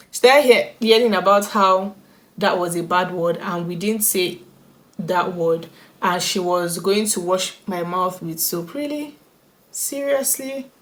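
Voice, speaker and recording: A woman hosting a reaction vlog, chatty and bubbly, laughing often as she reads stories aloud. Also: fairly low pitch. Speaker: YouTuber.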